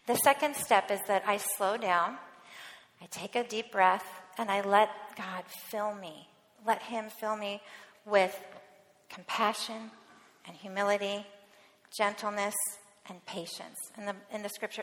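A woman's voice: mid-range voice, fairly bright tone. A woman in her thirties giving an earnest sermon in a church, telling a story from her family life. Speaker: church speaker. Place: church sanctuary. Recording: long reverb of a large hall.

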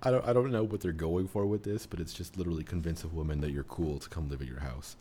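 A man with a very deep voice chats loosely on a podcast, meandering through his thoughts with fillers and little laughs. A faint noise sits under the recording. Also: quick pace, mellow. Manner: rambling, self-amused, hedges with fillers. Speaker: podcast co-host. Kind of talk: casual chat.

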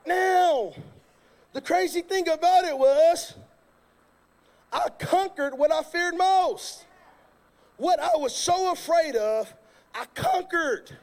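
A man preaching a sermon, telling a funny story in a lively, colloquial way that turns loud at times. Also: very high-pitched, takes it slowly, long pauses.

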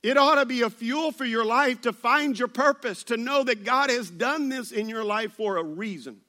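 A pastor with a high, bright voice preaches with animated storytelling. He mixes personal anecdotes and playful asides into his message. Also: normal speed. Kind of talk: sermon.

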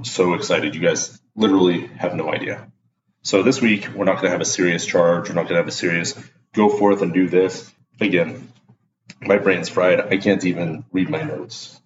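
A man with a very low voice talks in an excited, rambling, self-deprecating way as he hosts his own podcast. The recording sounds dull and echoey. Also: background noise. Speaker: podcast host. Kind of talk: casual solo podcast talk.

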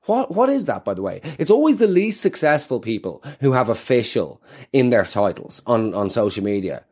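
Sweary, rambling South Dublin comedian. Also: male voice, mid-range voice, big pitch swings, normal speed, a little mellow. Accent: South Dublin Irish. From Ireland. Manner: rambling, sweary, self-mocking. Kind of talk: stand-up comedy.

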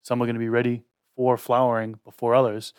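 A man's voice: mid-range voice, completely flat delivery, fast talker, a little mellow, clean tone, no room sound, studio quality. A man with a Boston accent co-hosting a podcast, explaining in an easygoing way with lots of fillers. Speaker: podcast co-host. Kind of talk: casual chat.

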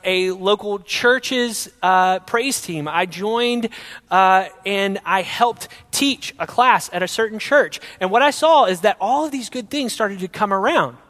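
A young man telling his personal faith testimony in an earnest storytelling way, going from loud to hushed. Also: high voice, unhurried, big-room sound.

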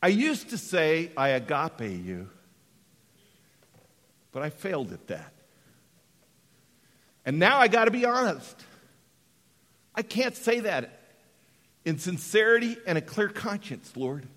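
A middle-aged man from Western Colorado preaching a sermon, dropping to hushed tones and rising to shouts. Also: high-pitched, very animated, slow, long pauses, big-room sound. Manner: dramatic, swings from hushed to shouting. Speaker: pastor.

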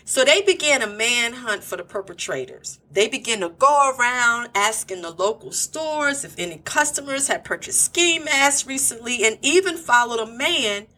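Woman, bright voice, true crime narration, blunt asides. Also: fairly high pitch, lively intonation, normal speed, hardly any pauses. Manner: opinionated, talks straight to the listener.

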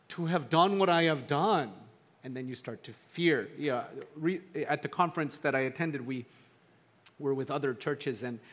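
Middle-aged male pastor, fairly high voice, chatty sermon delivery with emphatic swells. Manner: conversational, animated preaching with rising emphasis.

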